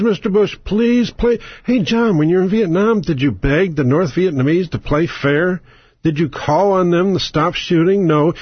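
A man's voice: fairly high pitch, slightly rough, no echo, dull audio. A man hosting a talk radio show, ranting about politics with angry sarcasm, profanity and strings of rhetorical questions.

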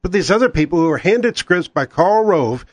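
A man's voice: sits high, animated, moderate pace, slightly rough, no echo. A man hosting political talk radio, ranting angrily and sarcastically.

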